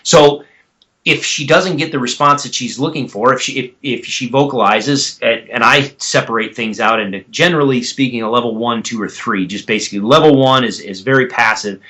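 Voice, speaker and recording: Man, expert guest, bright voice, earnest, step-by-step explaining. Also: mid-range voice, fairly quick. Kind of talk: explanatory interview answers.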